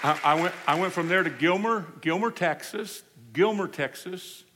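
A man's voice: sits high, moderate pace, crowd noise, background noise. Man preaching in an echoing hall. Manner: animated storytelling, acting out quoted voices. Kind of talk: storytelling sermon. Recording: hall reverb.

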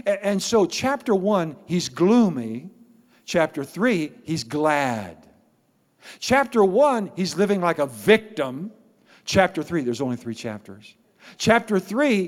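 A man preaching a sermon as pastor, animated and playful, repeating words for emphasis. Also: a little high. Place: church sanctuary. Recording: long reverb of a large hall.

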